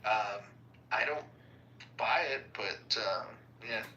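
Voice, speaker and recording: A man's voice: on the low side, slow, pushed and bright, lo-fi sound, a little hiss or hum. A man hosting a casual group chat, speaking wryly. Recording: echoey room.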